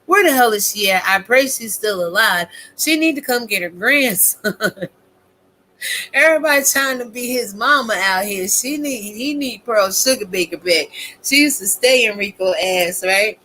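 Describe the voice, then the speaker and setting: A woman giving a casual, profane, animated rant as a YouTube commentator, talking straight to her viewers. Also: mid-range voice, unhurried, a little hiss or hum.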